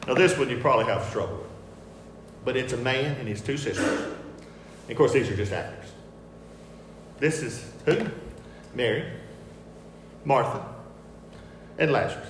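Emphatic preacher in an echoey hall. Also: male voice, mid-range voice, animated, normal speed, long pauses, slight background noise. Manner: emphatic, repeats key phrases, swings between soft asides and loud declarations. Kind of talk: sermon with picture slides. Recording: echoey hall with faint ambience.

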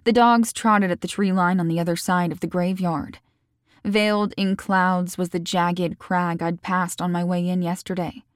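A woman reading her own novel aloud in a calm, measured first-person audiobook narration. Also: on the low side, clean tone, no echo, clean studio sound.

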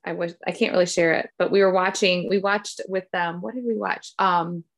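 A woman's voice: lowish voice, steady tone, normal speed. Chatty middle-aged woman. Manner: chatty, rambling storytelling. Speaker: podcast co-host, mother. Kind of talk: casual family chat.

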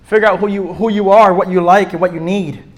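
A man preaches to a class about relationships. He talks emphatically and leans hard on key lines, slowing down to repeat them. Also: high voice, steady tone. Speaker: pastor teaching a relationship class. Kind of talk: sermon-style teaching.

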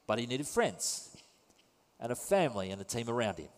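A man's voice: medium pitch, sing-song, normal speed. Wry conversational man preaching. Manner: conversational, wry, self-deprecating. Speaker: pastor. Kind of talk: sermon. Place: church. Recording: long reverb in a church hall.

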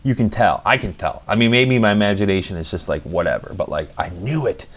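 A man's voice: fairly low pitch, expressive, brisk. A young man telling a story in a casual, rambling monologue, swearing often and filling gaps with "like" and "you know.". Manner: rambling, profane, full of fillers.

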